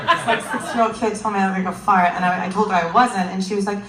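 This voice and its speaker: A woman's voice: mid-range voice, steady tone, fast talker, distant mic. A young adult woman doing a stand-up comedy set, telling stories animatedly and putting on the voices of kids and friends. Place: comedy venue with audience. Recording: echoey live venue, crowd noise.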